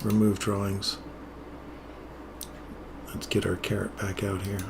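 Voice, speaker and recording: A man's voice: fairly low pitch, completely flat delivery, slow pace, gravelly, noisy background. Casual man talking through live trades. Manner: casual, chatty, explains while greeting chat viewers. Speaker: trading streamer. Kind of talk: live trading commentary.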